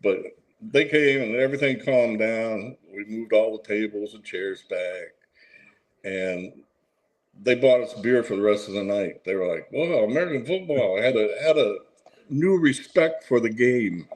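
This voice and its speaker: A man guest recounting stories in a relaxed, anecdotal way, laughing as he goes. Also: fairly low pitch, unhurried, low-quality recording. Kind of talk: casual storytelling chat.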